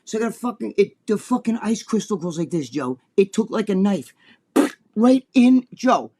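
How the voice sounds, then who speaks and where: A man co-hosting a talk show, telling a story in a casual, animated, profane way and acting out the people he quotes. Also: high-pitched, normal speed. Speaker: co-host.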